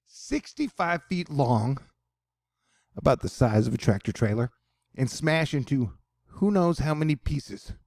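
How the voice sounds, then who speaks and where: A man's voice: mid-range voice, vocal fry, dark tone, no echo, clean studio sound. A man reading and joking through a news story in a casual commentary, rambling into asides.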